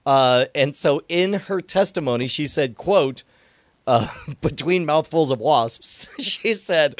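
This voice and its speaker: A man's voice: fairly high pitch, no room sound, studio quality. A man hosting a casual comedic news chat, laughing often and stumbling through his lines as he reads out quotes. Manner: giggly, halting, reads quotes aloud with laughs. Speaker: podcast host.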